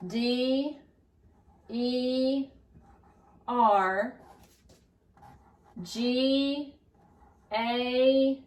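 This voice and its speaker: Encouraging teacher woman, slow and echoey. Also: high voice, pushed and bright. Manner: encouraging, upbeat, drawn-out syllables. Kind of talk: recorded phonics lesson for young children. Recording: echoey room, distant mic.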